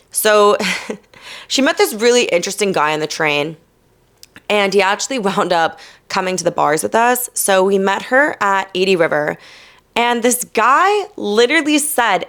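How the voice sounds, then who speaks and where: A young woman from New Jersey hosting a podcast, telling a night-out story in a casual, animated way, swearing and quoting people with sass. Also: mid-range voice. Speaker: podcast host.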